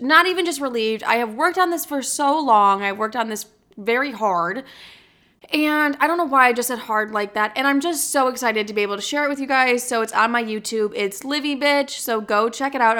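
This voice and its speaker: A woman's voice: fairly high pitch, sharp tone. A young woman hosting her own podcast, talking alone in a brash, profane, self-mocking way. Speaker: podcast host. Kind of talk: casual solo podcast monologue.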